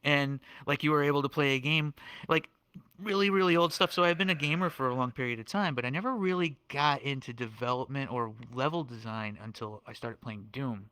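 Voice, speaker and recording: A man's voice: medium pitch, a little fast, sharp tone, clear, resonant tone, dry recording. Rambling man talking about world design. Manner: rambling, repeats words, says "right?" often. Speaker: guest, VRChat world builder. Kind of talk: casual podcast chat.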